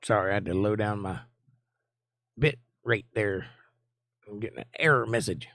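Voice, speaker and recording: A man's voice: lowish voice, normal speed, gravelly, pauses often, a bit bright, dry recording, clean studio sound. A man in his forties with a Southern US accent, hosting a livestream and chatting in a folksy way with viewers. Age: 40s. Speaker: host. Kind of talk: casual livestream chat.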